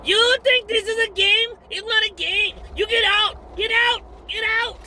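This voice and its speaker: A man's voice: fairly even intonation, unhurried, noisy background. A man putting on the voice of a short, fierce male drill sergeant who barks orders at trainees. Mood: yelling. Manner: barking, high-pitched shouting.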